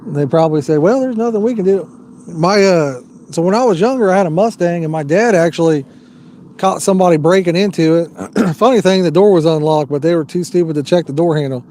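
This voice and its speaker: A man's voice: a little high, fairly quick, a little mellow, slight background noise. A man hosting a live fishing stream outdoors, rambling easily and reading viewer comments aloud. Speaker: fishing livestream host. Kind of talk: casual live-stream chat.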